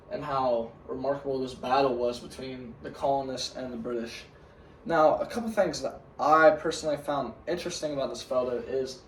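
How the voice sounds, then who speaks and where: A man's voice: medium pitch, darkish tone, slight background noise. A man giving a school history presentation as a pretend museum guide, earnest and starting sentence after sentence with "now". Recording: roomy sound from a distant mic.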